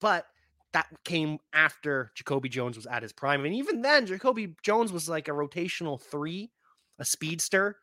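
Male fantasy football podcast host, bright and forceful tone, close dry mic, casual animated delivery. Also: on the high side, moderate pace, dry recording. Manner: animated, laughs at his own points. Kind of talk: casual sports talk.

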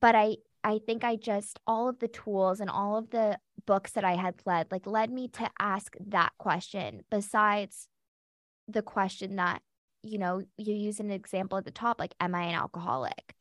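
Woman, podcast guest, confessional storytelling, filler-heavy casual speech, mid pitch, dry close sound. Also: steady tone, moderate pace, a bit bright, no room sound. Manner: confessional, heartfelt, lots of "like" fillers. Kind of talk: candid interview storytelling.

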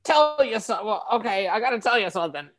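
A man's voice: sits high, expressive, fast talker, a bit bright. A man improvising a comedy sketch as a podcast co-host.

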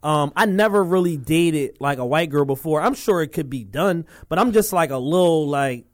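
Philly man with a high, dry voice close on the mic, laid-back drawl, casual podcast co-host. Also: animated, normal speed, no room sound. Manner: laid-back, drawling, says "you know what I'm saying" a lot.

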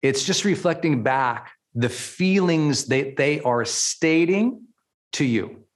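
A man's voice: a little high, expressive, slow pace. A man hosting a motivational podcast and teaching as a coach. He speaks emphatically, repeats key words and often checks in with "right?".

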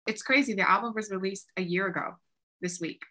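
A woman's voice: medium pitch, a little fast. A woman guest on an interview, chatting casually and acting out remembered conversations with many "like"s. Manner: animated, acts out quoted exchanges with lots of "like". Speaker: songwriter and producer guest.

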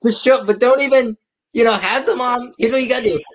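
A host chats with a guest and keeps chiming in with eager ideas. The voice sits in a middle pitch. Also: a little fast, low-quality recording. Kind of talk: casual chat.

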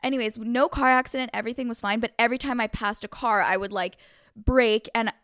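A young woman co-hosting a podcast, telling a story in a lively, animated way with lots of "like.". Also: fairly high pitch, fast, smooth, dry recording, studio quality. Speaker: podcast co-host. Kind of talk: casual chat.

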